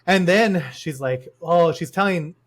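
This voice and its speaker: A man with a fairly high voice talks through a film in a relaxed podcast chat. He retells scenes quickly and animatedly, slipping into quoted lines. The mood is loose and conversational. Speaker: podcast host. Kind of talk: casual film review chat.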